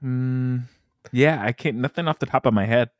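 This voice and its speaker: A man's voice: medium pitch, moderate pace, dry recording, clean studio sound. A man co-hosting a gaming podcast, joking around and slipping into silly voices. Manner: jokey, slips into silly put-on voices. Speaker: podcast co-host. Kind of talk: casual chat.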